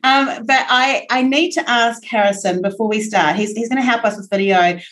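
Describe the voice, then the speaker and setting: A woman with a New Zealand accent hosting a casual podcast interview, bubbly and quick to laugh. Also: a little high, a bit bright. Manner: chatty and bubbly, laughs often. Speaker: podcast host.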